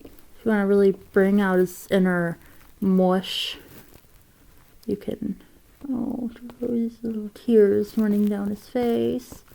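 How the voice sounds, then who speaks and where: Slow, gravelly woman teaching drawing. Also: medium pitch, little pitch movement. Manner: rambling, with fillers and soft asides. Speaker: drawing tutor. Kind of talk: casual drawing tutorial.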